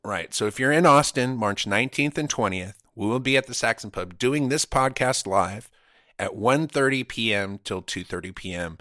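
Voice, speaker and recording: A man co-hosting a casual podcast in a playful, jokey way. His bright, forceful voice rises and falls widely. It is recorded dry and close. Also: lowish voice, animated, normal speed, dry recording. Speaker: podcast co-host.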